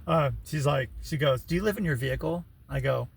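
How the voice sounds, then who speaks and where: A man's voice: a little high, fairly quick, gravelly, a little hiss or hum. A man rambling through a personal story in a casual vlog, full of "you know" and "right", with wry laughing asides. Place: living in his vehicle.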